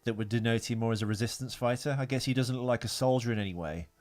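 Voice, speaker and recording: A man's voice: mid-range voice, fast, crowd noise. A man co-hosting a casual podcast chat, reading out trivia with lots of fillers and restarts. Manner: rambling, hesitant, reads trivia with many fillers. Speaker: podcast co-host.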